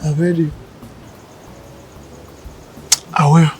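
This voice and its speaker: An actor playing a worried young man deeply in love in a film drama. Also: level tone, brisk, slight background noise, close to an everyday voice, rough recording. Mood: loving. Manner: worried, pleading.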